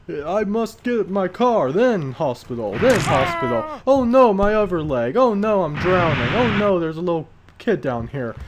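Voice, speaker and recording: A man putting on a cranky old man's voice, yelling in panic. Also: sits high, background noise, voice pushed up. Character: cranky old man chasing his stolen car.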